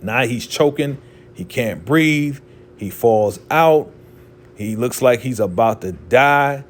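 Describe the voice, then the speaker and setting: A man hosting a casual show recap, telling the story in an animated way and acting out quotes. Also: mid-range voice, slow pace.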